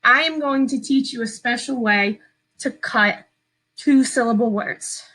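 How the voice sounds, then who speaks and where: A woman teacher giving a slow, patient, step-by-step phonics lesson to young children from home. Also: a little high, pushed and bright, poor audio.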